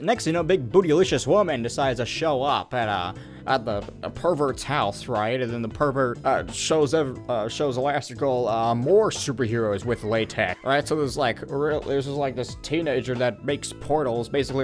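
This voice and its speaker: A young man recapping a film as a rambling, crude comedic parody, slipping in silly voices. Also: medium pitch. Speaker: guest reviewer.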